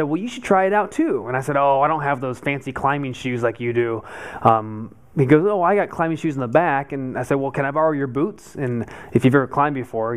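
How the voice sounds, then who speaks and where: Man telling a lively personal story. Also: mid-range voice. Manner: animated storyteller acting out his own past panic. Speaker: meetup speaker. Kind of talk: personal story told to a live group.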